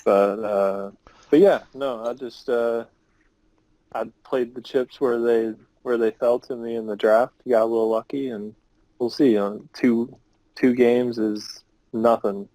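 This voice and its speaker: A man talking casually on a podcast as a league member, relaxed and hedging. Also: medium pitch, measured pace, dry recording, poor audio. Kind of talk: casual chat.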